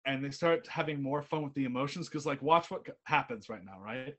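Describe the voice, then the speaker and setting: A young man chatting casually as co-host while watching a movie, animated, swearing and laughing a lot. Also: medium pitch, brisk. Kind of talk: casual movie commentary chat.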